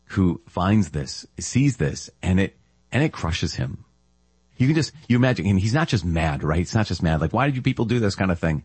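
A man's voice: sits low, darkish tone, husky, dry recording. A man preaching a conversational sermon on scripture readings, laughing lightly and checking in with the listeners. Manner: conversational, with laughs and tag questions. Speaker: priest.

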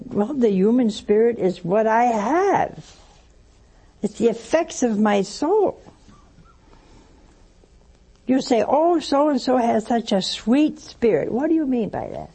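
A woman's voice: mid-range voice, warm tone, breathy edge. An older woman, a nun and mother superior, giving a conversational religious teaching with homespun stories and questions to her listeners. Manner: conversational, anecdotal, asks audience questions.

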